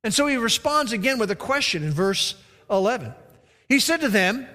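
A pastor preaching a sermon, swinging between loud emphatic stretches and hushed, slow emphasis. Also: male voice, very high-pitched, big pitch swings. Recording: long reverb of a large hall.

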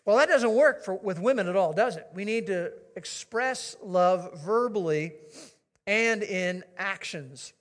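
A man's voice: high-pitched, unhurried, a bit bright. A man preaching a sermon, telling stories in a conversational way and coaxing his congregation to respond. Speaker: pastor. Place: church sanctuary. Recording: long reverb of a large hall.

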